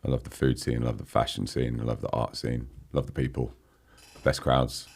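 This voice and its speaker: Very deep-voiced chatty man. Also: steady tone, fairly quick, gravelly, husky. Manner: chatty, laughs often, lots of "you know what I mean". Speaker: guest musician. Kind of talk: casual interview chat. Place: podcast studio.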